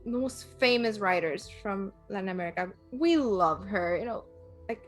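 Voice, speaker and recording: A woman from Puerto Rico, a guest in a casual chat, talking with animated energy and laughing often. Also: medium pitch, normal speed, faint music behind.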